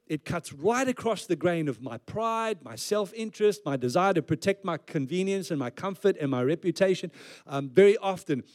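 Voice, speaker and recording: A man preaches a sermon in a relaxed, conversational way, slipping in light jokes between his points. His voice sits a little higher than most men's. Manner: conversational preaching with joking asides. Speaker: pastor.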